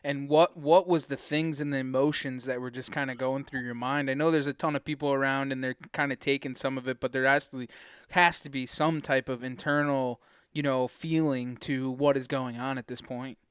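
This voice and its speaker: A New England man hosts a podcast in easy conversation, his voice smooth and clear. He asks long, rambling questions and laughs along with his guest. The sound is close and dry. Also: mid-range voice, steady tone, normal speed, fairly bright tone, no echo. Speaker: podcast host. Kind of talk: casual interview chat.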